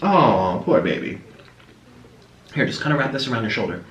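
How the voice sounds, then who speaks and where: A man's voice: mid-range voice, very animated, moderate pace, dull audio. A man chatting casually to the camera as he eats, cooing now and then at his pet. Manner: chatty, coos at his pet between bites. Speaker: food vlogger. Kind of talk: casual mukbang chat to camera. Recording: echoey room with faint noise.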